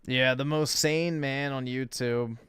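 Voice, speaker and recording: A male streamer mocks and jokes with sarcasm, swearing freely. His voice is bright and smooth at a middling pitch, and he sits close to a dry desk mic. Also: fairly even intonation, slow pace, no room sound. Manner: mocking, sarcastic, profane. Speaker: streamer host. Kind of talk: casual reaction stream.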